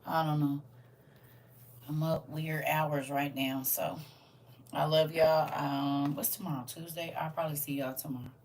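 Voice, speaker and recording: A woman's voice: sits low, fairly even intonation, a little mellow, recorded from a distance, slight background noise. A woman, casually chatting on a livestream from home in a laid-back, playful way. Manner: laid-back, playful, drawn-out teasing calls. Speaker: livestream host. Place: home, indoors.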